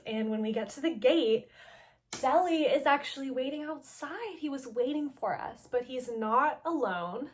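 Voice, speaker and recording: A young adult woman casually recapping a story game, gossipy and playful, saying "like" in almost every sentence. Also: a little high.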